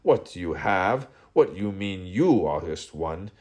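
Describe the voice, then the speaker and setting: A man with a fairly low voice reads a dense literary text aloud for an audiobook. He takes his time, an unhurried, deliberate delivery, and he plays the quoted speakers theatrically, jumping up in pitch and volume for one and dropping low for another. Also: expressive, darkish tone. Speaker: audiobook reader.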